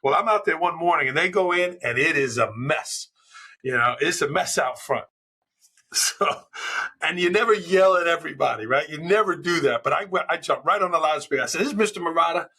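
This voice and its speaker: A middle-aged man from New York, a school leader telling stories as a podcast guest in a loud, passionate way. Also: on the high side, expressive, normal speed, breathy edge. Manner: passionate, loud storyteller who acts out quotes. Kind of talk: casual interview talk.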